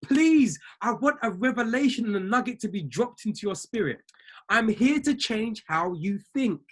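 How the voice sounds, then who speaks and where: This man coaches traders, and his high, breathy voice moves at a normal speed with lively intonation. Like a preacher, he urges his group on, repeating phrases for weight and addressing them head-on.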